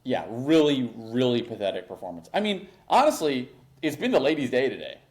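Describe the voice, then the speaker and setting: A man at an ordinary middle pitch co-hosting a podcast. He talks casually but bluntly, pressing his opinions with emphasis. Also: big pitch swings, brisk, darkish tone. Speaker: podcast co-host. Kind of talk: casual recap chat.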